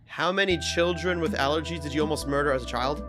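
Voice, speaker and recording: A man chatting casually with his viewers during a live game stream, telling stories with sudden excited bursts. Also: fairly high pitch, quick pace, music in the background. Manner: excitable storyteller, talks to chat, loud bursts. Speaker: livestreamer. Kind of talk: casual live-stream chat while gaming.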